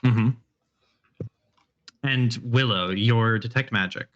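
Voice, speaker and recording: A man running a tabletop horror game as game master, describing scenes in a relaxed way with many fillers. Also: medium pitch, slow pace, lo-fi sound.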